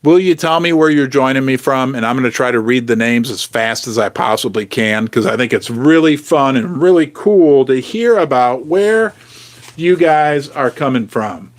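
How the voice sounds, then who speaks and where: A man hosting a casual livestream, jokey and animated, reading out viewer comments. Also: mid-range voice, moderate pace. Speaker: host.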